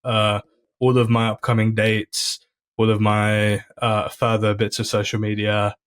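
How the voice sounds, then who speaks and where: A man's voice: on the low side, completely flat delivery, unhurried. A man, a comedian guest on a podcast, chatting easily and laughing often. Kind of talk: casual podcast chat.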